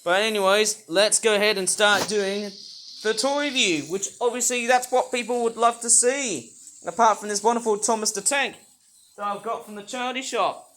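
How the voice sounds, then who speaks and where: A grumpy vlogger who rambles through a ranting commentary, often restarting and suddenly bursting into shouts. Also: mid-range voice, moderate pace, slight background noise. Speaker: toy review vlogger.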